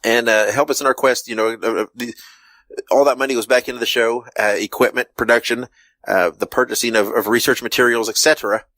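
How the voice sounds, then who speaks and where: A man's voice: mid-range voice, steady tone, a little fast, fairly bright tone, no room sound. A man hosting a podcast, reading plugs with many fillers. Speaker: podcast host. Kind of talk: show outro and plugs.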